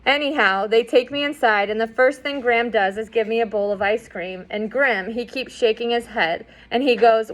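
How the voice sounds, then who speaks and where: Female reader, relaxed novel read-aloud with chatty asides, slightly high pitch. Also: normal speed, few pauses. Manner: conversational, adds asides and fillers. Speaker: audiobook reader. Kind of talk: casual reading of a novel aloud.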